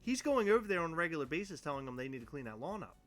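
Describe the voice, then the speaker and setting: A man's voice: on the high side, very animated, rapid-fire, a bit bright. A man co-hosting a casual chat show, playful and teasing, with big exaggerated reactions. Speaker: podcast co-host.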